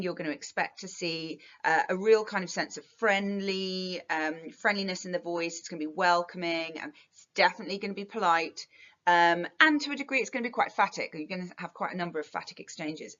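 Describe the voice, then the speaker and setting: A woman's voice: fairly low pitch, fairly bright tone, lo-fi sound. A British woman teaching an English lesson, chatty, with lots of fillers, analysing a text for revision.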